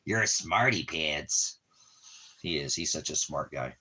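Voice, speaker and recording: A man talking softly to his dog in doting, repetitive baby talk, now and then addressing his viewers. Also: rumbling low, lively intonation, a little slow, a little hiss or hum. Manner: soft, doting baby talk with repeated phrases. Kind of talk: casual talk to a pet.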